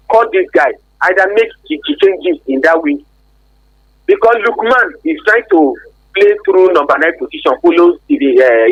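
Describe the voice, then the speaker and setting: A Nigerian man calling a sports radio show, talking in an animated, exasperated way. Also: sits high, no room sound. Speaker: caller. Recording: dull phone line.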